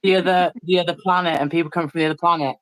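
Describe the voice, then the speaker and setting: A woman guest from the UK chatting thoughtfully and softly while painting on a stream. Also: lowish voice, steady tone, very fast, poor audio. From United Kingdom. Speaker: guest artist. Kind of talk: casual chat while painting.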